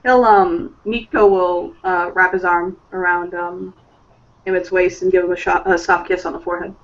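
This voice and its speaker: A man's voice: high voice, level tone, moderate pace, fairly bright tone. Playful man on a muffled call. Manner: laughing, playful, many fillers. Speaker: player. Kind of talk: online tabletop role-play, describing his character. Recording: muffled voice chat from a distance.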